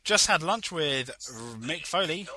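Young man chatting loosely, bright voice. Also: fairly high pitch, lively intonation, unhurried. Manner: chatty, rambling, laughs often. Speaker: podcast co-host. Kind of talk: casual chat.

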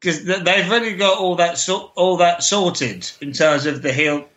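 A man co-hosting a podcast, trading blunt jokes and quick asides. His voice is high and bright, and it is recorded in an echoey room. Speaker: podcast co-host. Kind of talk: casual chat.

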